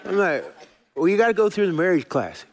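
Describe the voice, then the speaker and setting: A man's voice: sits high, very animated, fairly quick, a faint crowd. A middle-aged male pastor telling a story in a sermon, folksy and chatty, often restarting and chuckling at himself.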